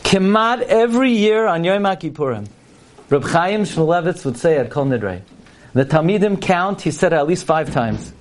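A man's voice: high voice, animated, normal speed. A man giving a sermon-style talk with stories at a fundraising parlor meeting. He speaks emphatically and works Hebrew and Yiddish terms into his storytelling.

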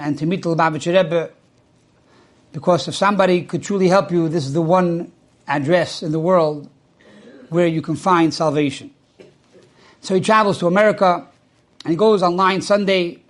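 A man with a high voice for his sex tells a religious story in a sermon. He gets animated and acts out each character's words, rising and falling sharply in pitch. Hebrew and Yiddish religious terms come up often as he speaks. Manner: animated, acts out quoted speech with swings in pitch.

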